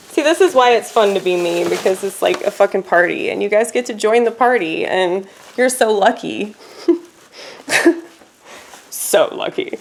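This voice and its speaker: A woman chatting casually on her own video channel, rambling and laughing often, her voice swinging from loud asides to quiet murmurs. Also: medium pitch, expressive, measured pace, vocal fry, long pauses, background noise. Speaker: YouTuber. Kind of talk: casual vlog chat.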